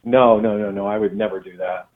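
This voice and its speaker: Over a tinny phone line, a man receiving a call answers patiently and plainly, frequently hesitating with filler words. His voice is fairly low, steady, and brisk.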